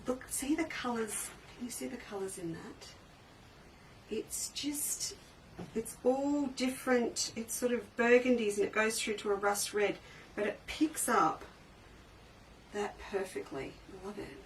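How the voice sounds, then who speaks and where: Hosting an easygoing live sale out of her sewing shop, this woman speaks a little slowly in a higher register, eager and talkative, frequently letting sentences drift off before beginning again. It's casual stream sales chatter, picked up by a mic a bit far away with some faint background noise.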